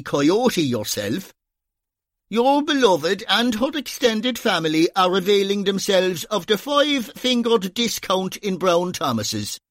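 A man's voice: high-pitched, dry recording, voice pushed up, exaggerated voice. A man with an Irish accent voicing a wry, teasing Dublin police officer who talks in dry, sardonic banter.

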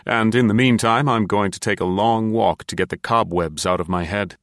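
A man's voice: lowish voice, moderate pace, no echo, clean studio sound, lightly acted. A man voicing a shrewd, probing older investigator in a read-aloud story.

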